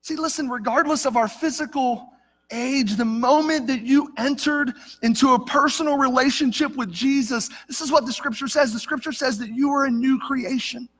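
Middle-aged pastor guy preaching, very high voice, long echo off the church hall. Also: normal speed, fairly bright tone, slightly rough. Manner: earnest storytelling, addresses the congregation as "church". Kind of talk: sermon. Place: church sanctuary.

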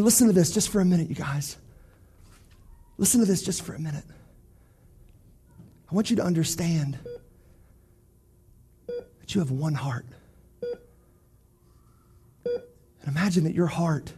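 A man giving an animated youth sermon, talking straight to teenagers and swinging from hushed to loud. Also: very high voice, husky. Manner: addresses teens directly. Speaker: youth pastor.

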